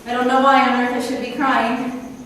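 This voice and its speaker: A woman's voice: high voice, flat delivery, normal speed, fairly bright tone, slight background noise. An actress on stage playing a fretful middle-aged mother who rambles tearfully on her daughter's wedding day. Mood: weepy. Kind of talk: stage play performance. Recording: echoey hall taped from far off.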